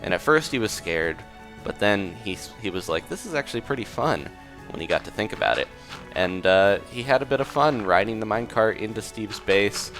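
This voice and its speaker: Low-voiced man rambling through a game story. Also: normal speed, fairly bright tone. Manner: rambling, casual, with fillers and side comments. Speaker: gaming video creator. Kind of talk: improvised story narration over gameplay. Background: faint music.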